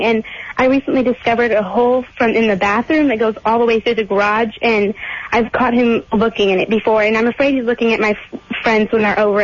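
A woman's voice: fairly high pitch, husky, no room sound. Hesitant teenage girl calling a radio show. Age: teen. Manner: hesitant, halting, many fillers. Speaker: caller. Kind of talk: phone call to radio show. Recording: dry, muffled radio call audio.

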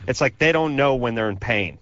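A man's voice: medium pitch, animated, fairly quick, a bit bright, no room sound, highs cut off. A man hosting a casual radio chat, rambling and sarcastic, often stammering, with a distinctive voice people like to mimic. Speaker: radio host.

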